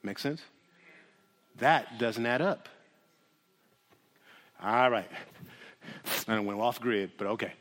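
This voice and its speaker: A man preaching a sermon as a pastor, dramatic, swinging from loud pleading to hushed near-whispers. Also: mid-range voice, slow pace, long pauses. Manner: dramatic, shifts from shouting to hushed. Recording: long hall reverb.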